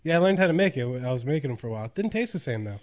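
Young man, podcast host, casual banter, animated pitch, teasing, playful. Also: racing. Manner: playful, teasing, does silly voices. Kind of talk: casual chat.

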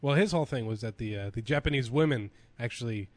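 A man's voice: mid-range voice, quick pace, no room sound. A man co-hosting a casual podcast chat, rambling through crude jokes. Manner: rambling, crude joking banter. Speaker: podcast co-host.

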